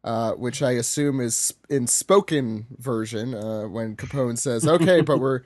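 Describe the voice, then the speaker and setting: A man's voice: medium pitch, steady tone, unhurried, a little mellow, no room sound. A man co-hosting a podcast, chatting casually and joking, tossing out offhand theories. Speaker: podcast co-host. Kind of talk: casual chat.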